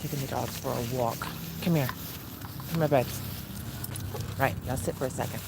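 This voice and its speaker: Lady from on a phone live stream, walking outside, talking to her dogs, lots of loud outdoor noise. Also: a bass voice, moderate pace, creaky. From Mississippi. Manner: chatty, coaxing the dogs between remarks to viewers. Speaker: livestreamer. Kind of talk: casual live-stream chat. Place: outdoors on a city walk.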